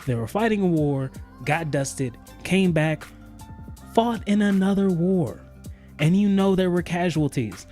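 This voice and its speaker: A man co-hosting a podcast, riffing casually in a profane, animated way. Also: high-pitched, a little slow, soft background music. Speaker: podcast co-host. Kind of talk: casual chat.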